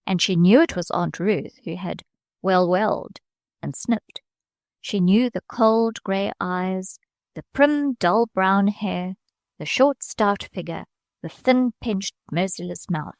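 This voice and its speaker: A woman narrating a classic novel as an audiobook, reading in a measured way and lifting her voice slightly for the characters' lines. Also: gravelly, a little mellow, no echo, studio quality. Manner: measured reading, small lifts of pitch for quoted characters.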